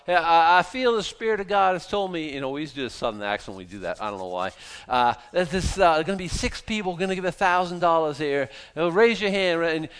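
A man preaching a conversational sermon, animated and informal, with many fillers and restarts. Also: mid-range voice, clean tone, in a large hall. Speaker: pastor.

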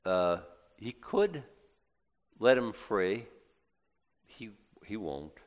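A man preaching a sermon, reading scripture aloud and breaking into lively acted asides. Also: fairly low pitch, drawn-out words, big-room sound. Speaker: pastor.

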